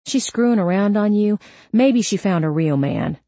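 A woman voicing a tough female police detective who stays calm and cutting while questioning a suspect. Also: mid-range voice, moderate pace, dry recording, pitched above the performer's own voice. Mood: cool. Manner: calm and cutting, quietly menacing.

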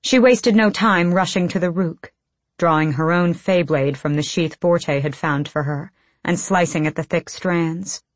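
A woman narrates an audiobook in an unhurried, lowish voice, delivering the scripted text in clipped, tense spurts. No echo is present.

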